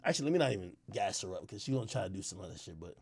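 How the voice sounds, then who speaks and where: A young man from Jamaica ranting on a livestream, loud, profane and boastful. He swings between shouting and muttering. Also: deep voice, lively intonation, very fast, breathy edge. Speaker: livestream host.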